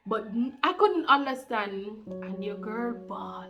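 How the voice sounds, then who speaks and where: A Jamaican woman in her thirties telling her personal faith testimony, animated and heartfelt, slipping into patois. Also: medium pitch, slow pace, hardly any pauses, soft background music. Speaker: faith channel co-host.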